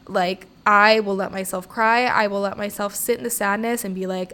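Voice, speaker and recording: A woman's voice: mid-range voice, steady tone, normal speed, hardly any pauses, pushed and bright. Candid, emphatic young woman podcaster. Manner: emphatic, swears freely, voices her own inner thoughts. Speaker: podcast host. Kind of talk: candid solo podcast monologue.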